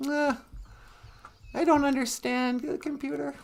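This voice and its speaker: A playful woman from Minnesota chatting on a live stream, laughing easily between remarks. Her voice sits high and swings around a lot as she talks at an unhurried pace. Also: animated. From Minnesota, USA. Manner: playful, laughs often, makes goofy computer beeps. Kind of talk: casual live-stream chat.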